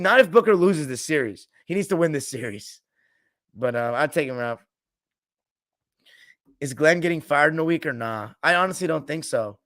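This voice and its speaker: A man's voice: medium pitch, no echo. A man in the middle of his range talks basketball in a loose, joking way, cursing often and answering his live chat as he goes. The sound is dry and close, with no room around it. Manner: loose, joking, swears freely, mimics coaches. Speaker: podcast host. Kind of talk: casual sports talk, reading live chat.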